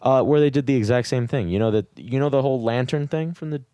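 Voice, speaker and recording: A man co-hosting a casual podcast, animated and joking, swearing freely as he chats. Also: mid-range voice, quick pace, clear, resonant tone, no room sound, lo-fi sound. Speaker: podcast co-host. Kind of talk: casual chat.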